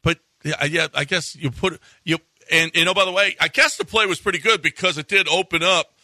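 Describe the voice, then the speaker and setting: A man co-hosting a sports talk show, firing quick, needling questions in casual chat. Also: on the high side, sharp tone, no echo. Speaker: sports radio co-host.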